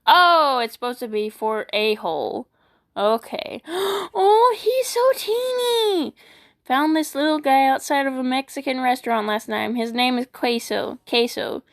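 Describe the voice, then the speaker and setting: A woman voice actor reading funny internet posts aloud, animated and playful, switching voices often. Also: on the high side, normal speed. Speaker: YouTube voice actor.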